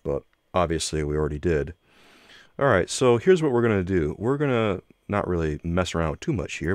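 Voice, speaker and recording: A man's voice: low voice, a little mellow, dry recording. A man from the United States giving casual, joking commentary as he plays through an old adventure game. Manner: chatty, joking with viewers. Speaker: let's play host.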